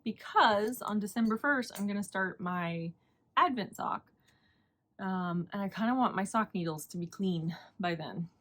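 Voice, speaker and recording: A woman's voice: mid-range voice, unhurried, fairly bright tone. A woman hosting a knitting podcast in casual chat, rambling and chatty and laughing often.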